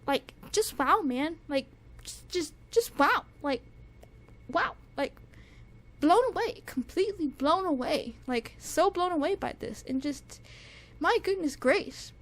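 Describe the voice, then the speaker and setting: A young woman giving an excited, casual music review, gushing and repeating herself with lots of fillers and restarts. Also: high voice, takes it slowly.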